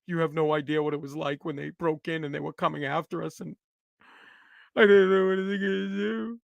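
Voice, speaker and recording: Brief: a man parodying a scared lawmaker, hushed and whiny. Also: a little high, steady tone, a little fast, creaky, dry recording, highs cut off, pitched below the performer's own voice. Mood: whiny, mocking. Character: whiny frightened male politician, self-pitying.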